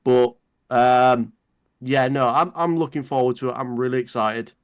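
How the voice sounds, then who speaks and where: A man's voice: medium pitch, steady tone, normal speed, smooth. A man co-hosting a movie news podcast, talking casually with many hesitations and restarts, often agreeing. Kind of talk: casual chat.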